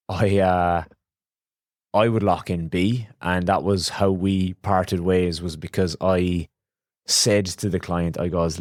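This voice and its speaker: A man's voice: low voice, darkish tone, no echo, clean studio sound. A man hosting a podcast and telling a rambling, frank story in casual talk, swearing now and then. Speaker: podcast host, electrician.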